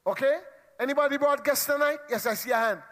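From the pulpit of a long-reverb hall, a man with a very high-pitched, slightly bright voice talks fast as he leads a church meeting. He banters with and teases the congregation in a lively, playful way.

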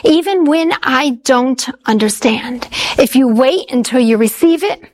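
High-voiced woman preaching a sermon. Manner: expressive, slows down for emphasis when quoting scripture.

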